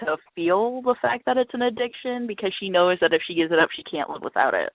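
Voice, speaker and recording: A man's voice: sits high, animated, quick pace, no echo. A man co-hosting a casual podcast, speaking hesitantly with many fillers. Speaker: podcast co-host. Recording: dry, phone-like narrow sound.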